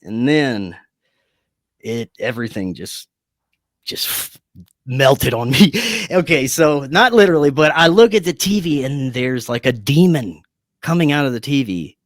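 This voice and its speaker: A man, a podcast guest, telling a personal story in a lively, casual way, swearing freely and often restarting his sentences. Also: medium pitch, moderate pace, no echo, clean studio sound. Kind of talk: conversational storytelling.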